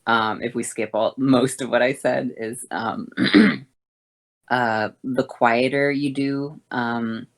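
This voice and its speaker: A woman voice coach talks slowly, with a gravelly, creaky edge in her voice. She explains vocal exercises haltingly, stopping often to correct herself. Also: a bass voice, fairly even intonation. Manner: halting, with many fillers and self-corrections. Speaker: voice teacher.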